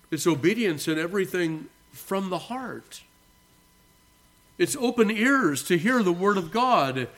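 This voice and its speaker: A male pastor preaching a sermon to his congregation, earnest and emphatic, slowing down on key words and swinging between soft low asides and raised phrases. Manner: addresses the congregation as beloved. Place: church.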